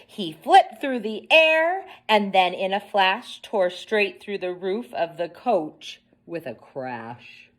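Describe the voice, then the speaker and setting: A woman reading a picture book aloud at children's story time, expressive and asking the listeners questions. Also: mid-range voice, takes it slowly, few pauses.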